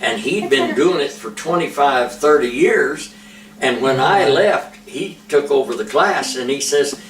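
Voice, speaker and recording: A man, a preacher, giving an informal ventriloquism lesson with slow, patient, drawn-out demonstrations. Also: mid-range voice, lively intonation, a bit bright, a little hiss or hum. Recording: echoey room, mic far off.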